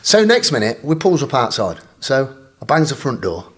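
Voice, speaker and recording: Husky excitable man telling a story. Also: medium pitch, normal speed. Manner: excitable, laughing, swears freely. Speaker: podcast guest. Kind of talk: animated storytelling. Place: podcast studio.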